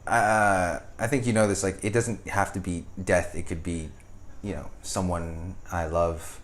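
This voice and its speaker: Podcast co-host: a man with a low, casual voice who rambles and restarts his sentences. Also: little pitch movement. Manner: rambling, halting, with many fillers and restarts. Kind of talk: casual chat.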